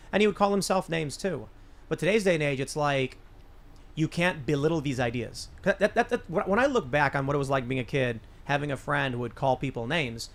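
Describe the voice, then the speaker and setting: A man hosting a podcast, telling a long personal story in casual political talk, often restarting his sentences. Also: on the high side. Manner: rambling storyteller with frequent restarts. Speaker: podcast host.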